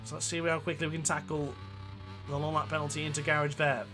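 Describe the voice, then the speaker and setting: A man with a northern English accent giving chatty, excitable gameplay commentary while racing, laughing often. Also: fairly high pitch, fast, over music.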